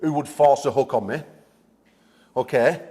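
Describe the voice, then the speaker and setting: A man coaching arm wrestling in a gym seminar, a little out of breath, energetic and checking in with "okay?" often. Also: mid-range voice, measured pace. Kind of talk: instructional seminar demonstration.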